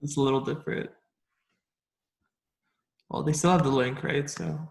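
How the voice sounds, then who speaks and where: A male host with a slightly high voice talks in an easygoing, casual way. The room around him sounds echoey. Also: steady tone, normal speed, creaky. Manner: easygoing, backchannels often. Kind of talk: casual chat.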